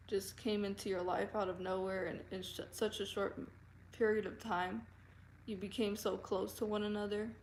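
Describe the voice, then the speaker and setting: A woman telling a personal story to camera in an earnest, halting way, full of fillers and restarts. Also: medium pitch, darkish tone, slight background noise. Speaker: vlogger. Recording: roomy echo.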